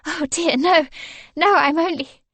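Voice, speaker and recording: A woman voicing a gentle, flustered young wife in an eager, breathless manner for an audiobook. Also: very high voice, measured pace, no room sound, voice pushed up, exaggerated voice.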